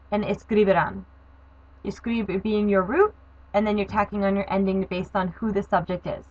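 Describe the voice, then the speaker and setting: Female teacher voice, mid-pitched, methodical and step-by-step, for a lo-fi classroom video. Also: no echo. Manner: methodical, spells out endings letter by letter. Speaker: Spanish teacher. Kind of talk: recorded grammar lesson. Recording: dull, dry lo-fi recording.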